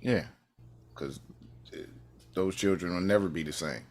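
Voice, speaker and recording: A man co-hosting a talk show, giving blunt, quick reactions. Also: low-pitched. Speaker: co-host. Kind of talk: casual commentary.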